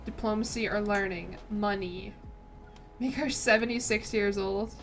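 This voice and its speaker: A woman's voice: medium pitch, fairly even intonation, unhurried, soft background music. A young woman streaming a strategy game, chatting casually and thinking aloud in a self-deprecating way. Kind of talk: casual gameplay commentary.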